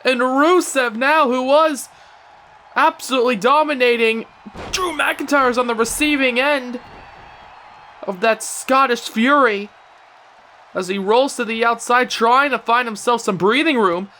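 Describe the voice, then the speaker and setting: A young man giving excitable play-by-play commentary on a wrestling video game, breaking into shouts at big moves. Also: very high voice, a little slow, a little hiss or hum.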